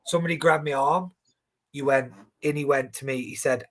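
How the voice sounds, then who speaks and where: A man in his forties, an animated storyteller who swears freely and restarts his sentences often, chatting casually on a boxing stream. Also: mid-range voice, brisk. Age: 40s. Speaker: boxing watchalong co-host. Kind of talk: casual chat.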